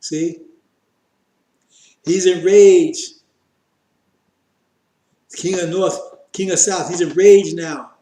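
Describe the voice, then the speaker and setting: A man's voice: fairly high pitch, fairly even intonation, a little slow, hardly any pauses, warm tone, reverberant. A man preaching a fiery sermon on scripture, repeating his points emphatically and addressing listeners as brothers. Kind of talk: fiery street-style sermon.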